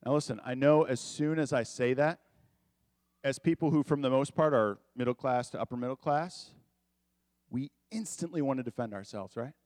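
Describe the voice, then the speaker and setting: A pastor preaching a sermon in a conversational, animated way, with quick asides to the congregation. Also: male voice, medium pitch, no echo.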